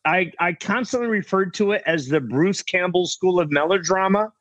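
A middle-aged man telling casual stories as a guest actor, rambling with many restarts and quick impressions of other people. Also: high voice, fairly bright tone, muffled recording. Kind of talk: casual anecdotal storytelling.

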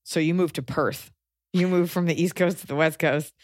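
A woman's voice: low-pitched, steady tone, normal speed, no room sound. Sarcastic woman joking in dry audio. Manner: sarcastic, jokey, acts out quotes in exaggerated voices. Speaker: podcast co-host. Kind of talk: casual comedic chat.

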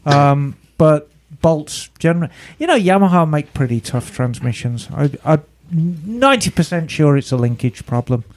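A man with a lively, swooping delivery and a fairly high voice, talking through motorcycle mechanics in an easygoing, teasing way. Casual podcast chat among friends. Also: normal speed, hardly any pauses. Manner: animated, explaining mechanics, teasing. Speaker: podcast co-host.

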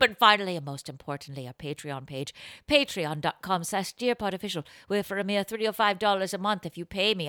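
A young woman hosting a comedy podcast, rambling and giggling through a deliberately bad put-on Irish accent. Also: mid-range voice, expressive, sharp tone, dry recording, clean studio sound. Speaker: podcast host.

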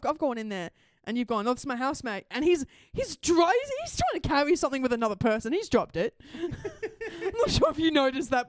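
A young woman in her twenties, co-hosting a casual podcast and telling excitable stories while laughing often. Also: high-pitched, no echo, clean studio sound. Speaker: podcast co-host. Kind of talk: casual chat.

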